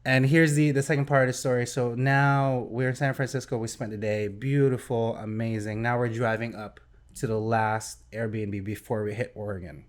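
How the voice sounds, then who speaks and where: A young man tells a story on a casual podcast, animated and excitable, throwing in sound effects as he goes. His voice sits at an ordinary middle pitch. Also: normal speed. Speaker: podcast host.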